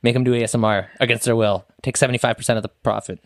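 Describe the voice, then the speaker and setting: A young man co-hosts a casual podcast, teasing his friend and laughing a lot while close to a studio mic with a pop screen. His mid-range voice is steady in tone, rapid-fire, with vocal fry. The recording has no room sound.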